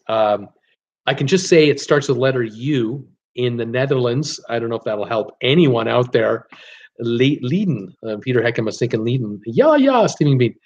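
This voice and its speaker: A man's voice: medium pitch, a little mellow, lo-fi sound. A man hosting a casual live-stream trivia quiz, reading out viewers' guesses with lots of ums and uhs and chuckling at his own jokes.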